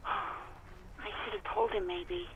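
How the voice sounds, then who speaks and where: An actress playing a woman speaking to a cop over the radio, gentle and wistful. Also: medium pitch, very animated, drawn-out words, muffled recording, background noise.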